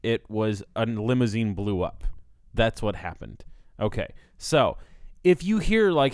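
A man's voice: lowish voice, expressive, a little slow, few pauses, a little mellow, no room sound. Joking podcast man, clean dry voice. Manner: joking, enthusiastic, acts out quotes. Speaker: podcast co-host. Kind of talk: casual podcast chat.

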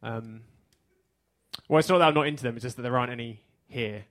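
A man with an English accent doing a stand-up set on a theater stage, with a dry, deadpan delivery. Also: mid-range voice, quick pace. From England. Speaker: stand-up comedian.

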